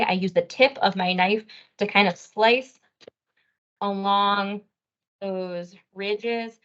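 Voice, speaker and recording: A woman dietitian leads a casual cooking demonstration, explaining each step plainly with the odd "um". Her voice sits at a middle pitch. The recording sounds a little dull and lo-fi. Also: fairly bright tone. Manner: friendly step-by-step explaining with fillers. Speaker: dietitian teaching a cooking class.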